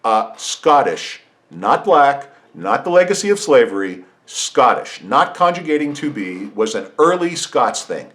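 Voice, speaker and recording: A man's voice: mid-range voice, very animated, a little slow, a bit bright. A middle-aged man hosting a podcast, talking through an opinionated monologue with frequent restarts and asides. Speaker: podcast host. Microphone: podcast microphone.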